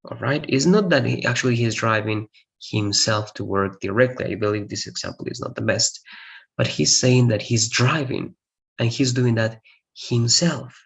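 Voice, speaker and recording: This is a man whose first language is Spanish, teaching an English grammar lesson. His mid-range voice carries a gravelly edge. He walks through each point step by step, repeats himself for clarity and often checks in with the class. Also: mid-range voice, normal speed, a bit bright. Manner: explains step by step, repeats points, asks "all right?".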